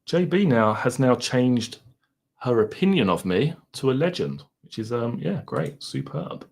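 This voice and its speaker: A man's voice: mid-range voice, very animated, unhurried, gravelly, a little mellow. Chatty Essex man hosting a livestream. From Essex, England. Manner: chatty, self-deprecating, muses aloud. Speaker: livestream host. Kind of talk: casual livestream chat reading comments. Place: home.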